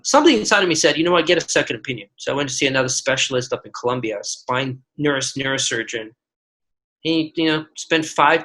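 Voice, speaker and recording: An earnest man in his forties talks through his own stories as a podcast guest. His voice is bright and forward, and he often restarts his sentences as he works toward his point. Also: medium pitch, poor audio. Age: 40s. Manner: earnest, storytelling with many restarts. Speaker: guest physician. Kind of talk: podcast interview.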